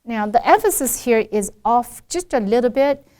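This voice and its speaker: A woman's voice: fairly high pitch, expressive, moderate pace, dark tone. A woman accent coach giving a pronunciation lesson, explaining by saying the right and the wrong way side by side.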